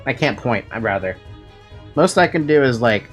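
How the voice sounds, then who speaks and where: A streamer giving casual let's-play commentary, with giggly, animated asides. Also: mid-range voice, moderate pace, slightly rough, faint music behind.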